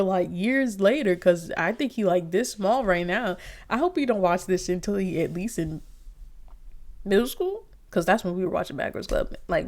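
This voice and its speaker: A young adult woman casually reviewing a reality TV episode, animated and profane, often acting out quotes in exaggerated voices, recorded on a computer mic. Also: mid-range voice.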